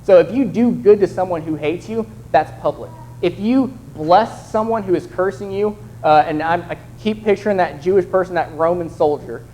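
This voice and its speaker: Preaching in a relaxed, conversational style, this young man voices the characters in his examples himself. His speech is high-pitched and dark in tone, at a moderate pace. The recording is low in quality, with slight background noise.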